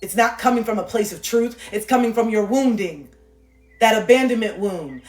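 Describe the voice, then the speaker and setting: A woman's voice: on the high side, normal speed, a little mellow. Intense, swearing woman preaching self-help. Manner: intense, preachy, swears freely, repeats phrases for emphasis. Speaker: livestreamer giving spiritual life advice. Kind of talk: impassioned motivational monologue. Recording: echoey room with faint music.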